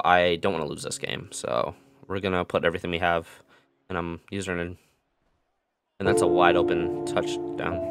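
A young man giving live commentary on his own football video game, muttering plays, then yelling and gloating in a sing-song voice. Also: low-pitched. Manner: excitable, swings from mutters to yelling. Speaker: gaming commentator.

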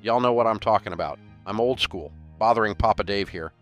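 Man in his 60s, low-pitched, folksy sermon delivery, joking, scripture-quoting, faint music underneath. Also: fairly quick, fairly bright tone. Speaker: guest speaker. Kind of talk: folksy sermon-style talk.

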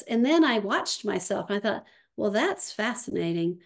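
A woman speaking as a somatics practitioner in an interview, slow and reflective, with soft pauses. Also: medium pitch, animated, gravelly. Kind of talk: conversational interview.

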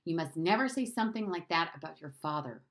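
Soft, careful housemaid, read by a woman. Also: low voice, animated, a little fast. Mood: earnest. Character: guarded, quiet woman housemaid, cautious.

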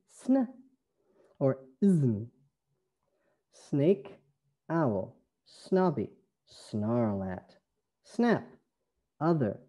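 A man from Canada with a Canadian accent, an English teacher reading a phonics lesson slowly in a sing-song way. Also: mid-range voice, warm tone, breathy edge. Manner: slow, sing-song, stretched words.

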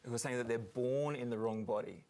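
A man's voice: medium pitch, fairly quick, darkish tone. A man from Queensland with an Australian accent, a guest on a chat show, talking earnestly and hesitating often. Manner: earnest, hesitant with many ums. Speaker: documentary maker, guest.

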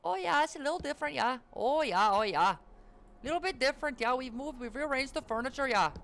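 A man's voice: very high voice, lively intonation, fairly quick, vocal fry, fairly bright tone. A man giving casual, joking commentary while playing a horror game, with jumpy exclamations. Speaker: gaming YouTuber.

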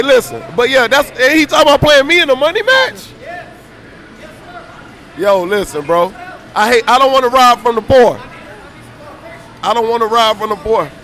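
A man's voice: very high-pitched, sharp tone, a little hiss or hum. A man trash-talking on a stream mic, boastful, taunting and profane. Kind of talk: brash trash talk.

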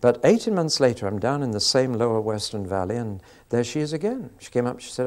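A man's voice: medium pitch, very animated, brisk, a little mellow. Man preaching with dry humour. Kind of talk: sermon.

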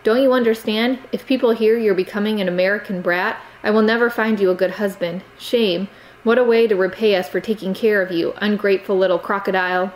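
A woman's voice: mid-range voice, steady tone, brisk, close to an everyday voice, rough recording. A woman reading aloud, voicing a stern, reproachful middle-aged aunt who lectures her niece. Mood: scolding.

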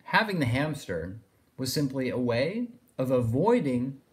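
A man's voice: medium pitch, sing-song, unhurried. A man giving a philosophy lecture, thinking aloud and circling his points with phrases like "in a sense". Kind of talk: recorded lecture.

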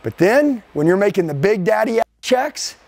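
A high-voiced man runs a live sales training for a team, coaching forcefully and peppering the room with rhetorical questions. He's very animated, rushing some lines and drawing others out for emphasis, with no room sound in the recording.

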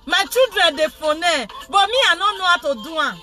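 A middle-aged Nigerian woman speaking Pidgin-tinged English, hosting a casual live chat with her viewers in an animated, repetitive way. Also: very high-pitched, normal speed, music in the background. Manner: animated, repetitive, laughing often. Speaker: vlogger, show host.

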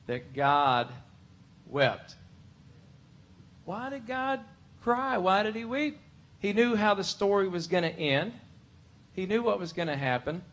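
A worship pastor preaching a conversational, emphatic sermon full of rhetorical questions. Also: male voice, a little high. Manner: emphatic, shifts to loud pleading when voicing Martha.

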